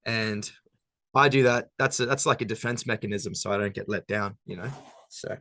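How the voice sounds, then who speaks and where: A young man from a band, chatting casually in an interview, relaxed and rambling with plenty of fillers. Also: lowish voice, moderate pace, dry recording. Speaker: band member.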